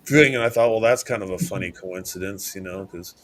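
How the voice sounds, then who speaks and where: A man's voice: low-pitched, fairly quick, a bit bright. A man co-hosting a podcast, chatting casually about videos and often hesitating with fillers and restarts. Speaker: podcast co-host. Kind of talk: casual chat reacting to videos.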